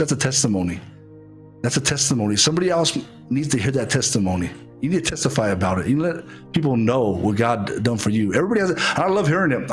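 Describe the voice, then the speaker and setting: Guy preaching on a stream, keeps stumbling and repeating words, heartfelt, faint music behind. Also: mid-range voice. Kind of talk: online sermon with altar call.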